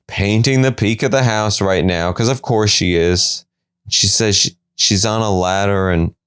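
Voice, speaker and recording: A man hosting his own podcast, talking through a comedic solo monologue and jumping into high, silly voices whenever he quotes someone. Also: smooth, no echo, studio quality. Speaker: podcast host.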